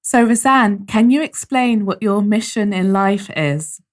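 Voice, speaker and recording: A woman podcast host in her forties with a mid-pitched voice and a soft, reflective way of talking. She tells her own story gently and scatters "you know" through her speech. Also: unhurried. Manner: soft-spoken and reflective, with frequent fillers.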